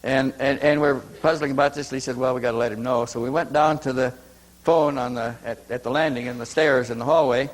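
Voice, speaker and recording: A man's voice: medium pitch, fairly even intonation, brisk, poor audio. A man speaking at a conference, telling a long personal story in a rambling way, restarting sentences and repeating words as he goes. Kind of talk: anecdotal storytelling. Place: conference hall.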